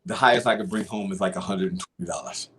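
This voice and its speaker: A young adult man telling his own story in casual podcast talk, animated and profane. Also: sits low, quick pace, slight background noise.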